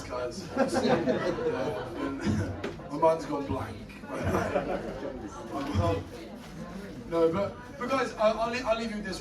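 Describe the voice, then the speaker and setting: A man's voice: on the high side, distant mic. A British man doing a live stand-up set, teasing and flirting with the audience and laughing at his own jokes. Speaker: stand-up comedian. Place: comedy club stage. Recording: echoey club heard from afar. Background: loud audience laughter.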